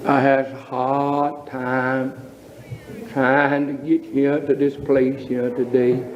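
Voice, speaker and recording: A man's voice: mid-range voice, level tone, slow, background noise, voice pushed down, close to an everyday voice. A man voicing a weary, put-upon Southern man who drawls and grumbles in a Southern accent. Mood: grumbling. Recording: roomy, dull lo-fi recording.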